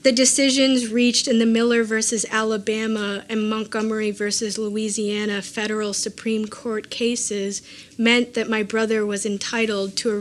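A woman with a somewhat high-pitched voice reads her own personal essay aloud to listeners. Her delivery is measured and deliberate, and she drops in dry, offhand asides between the passages. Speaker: author reading her own memoir. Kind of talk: live reading of a personal essay.

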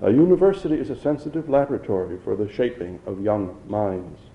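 A man's voice: on the low side, a little fast, echoey room, lightly acted. A man voicing a frail old male university dean who speaks with a faltering voice, in a dull lo-fi recording.

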